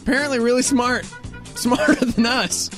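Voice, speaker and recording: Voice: mid-range voice, steady tone, moderate pace, over music. A talk-show co-host in casual banter who speaks animatedly and laughs often.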